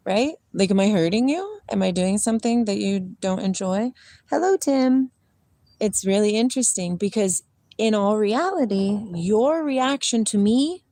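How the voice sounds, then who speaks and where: Middle-aged woman livestream host from Washington, rambling and playful by a river, slow and sing-song. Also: mid-range voice, dark tone, no room sound. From Washington state, USA. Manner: rambling, playful, drifts between chat and singing. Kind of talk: casual livestream chat with viewers. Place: outdoors by a river.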